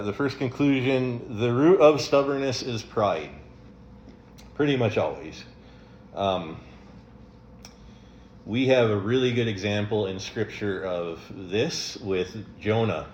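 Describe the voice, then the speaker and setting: A male pastor preaches in a relaxed, conversational way, peppering his talk with ums and soft chuckles. His voice sits on the low side. The sound is roomy and a touch muffled, with faint background noise, as in a church. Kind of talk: sermon.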